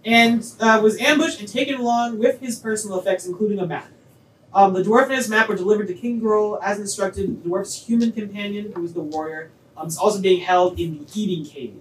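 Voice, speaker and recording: A young dungeon master narrates a tabletop game in a casual, laughing way, often restarting sentences. The voice sits at a middle pitch. It sounds roomy and distant, with faint background noise. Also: fairly quick. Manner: laughing, reading rules aloud with restarts. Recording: echoey room, far from the mic.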